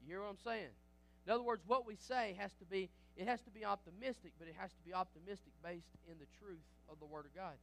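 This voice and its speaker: High-voiced preaching pastor, animated. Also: male voice, fast talker, gravelly. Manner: lively preaching with acted quotes and restarts. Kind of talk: sermon.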